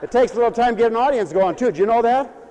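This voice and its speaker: A pastor preaches with playful energy, repeating lines and calling for an amen from his congregation. His voice is unusually high for a man and swoops up and down constantly. The sound rings with the long reverb of a big church. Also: very fast, slight background noise. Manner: animated, playful, repetitive preaching with call-and-response. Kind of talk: sermon.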